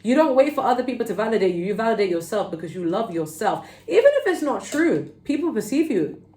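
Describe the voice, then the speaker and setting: A woman with a London accent giving a casual pick-a-card tarot reading, chatty and animated, often checking in with "okay?". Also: fairly high pitch, fast talker. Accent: London English. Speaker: tarot reader. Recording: roomy echo.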